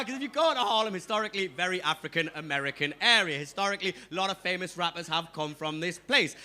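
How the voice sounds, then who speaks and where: A man's voice: high voice, bright, forceful tone. A male stand-up comedian, doing a brash, sweary live set and talking straight to the crowd on a club stage. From Newcastle upon Tyne, England.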